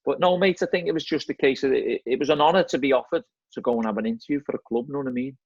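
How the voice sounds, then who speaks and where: Telling stories very fast as a guest in a casual chat, a middle-aged football manager speaks with a Scouse accent, chatty and repetitive, often saying "mate" and "you know what I mean". His medium-pitched voice is husky and a little mellow. The audio has no room sound and is dry, lo-fi, and slightly dull.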